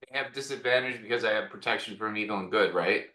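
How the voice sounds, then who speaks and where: A man playing a tabletop game, speaking gruffly in character and often tagging "eh?" onto his lines. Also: fairly low pitch, fast, sharp tone, echoey room. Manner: gruff, drawling, ends lines with "eh?". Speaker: player.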